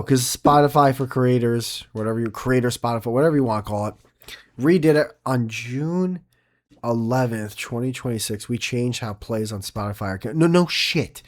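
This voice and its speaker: A man's voice: mid-range voice, lively intonation, normal speed. New guy rambling on his solo podcast, swears a lot, voice jumps all over. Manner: rambling, profane, self-mocking. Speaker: podcast host.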